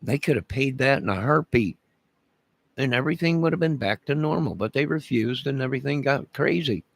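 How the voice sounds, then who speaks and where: A man's voice: medium pitch, expressive, brisk, creaky, dry recording. A man from Chicago in a rambling direct-to-camera rant, menacing and repetitive, leaning hard on his words for emphasis.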